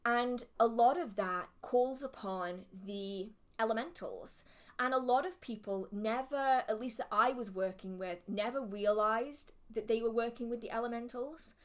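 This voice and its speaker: A woman's voice: a little high, measured pace. A woman hosting a casual livestream Q&A, chatty and self-deprecating, with the hiccups. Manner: chatty, self-deprecating, laughs at own slips. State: has the hiccups. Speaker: witchcraft livestream host.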